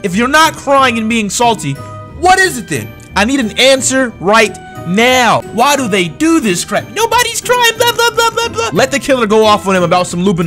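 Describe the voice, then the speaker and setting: A man's voice: high-pitched, a bit bright. Sarcastic, ranting male game streamer. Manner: heated, sarcastic and profane, mocking opponents. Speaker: gaming streamer and channel host. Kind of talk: ranting gameplay commentary.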